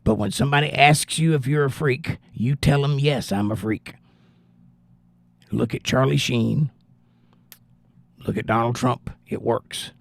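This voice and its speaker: Stream host, male, gravelly voice, blunt and opinionated, casual commentary, dry close mic. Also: medium pitch, steady tone, moderate pace, dry recording. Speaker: livestream host reading chat.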